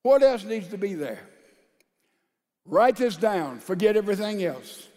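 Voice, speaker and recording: A male pastor preaching a sermon to a large church congregation, calling out to the crowd and swinging between loud and soft. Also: high voice, big pitch swings, a little slow, big-room sound. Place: large church sanctuary with a balcony.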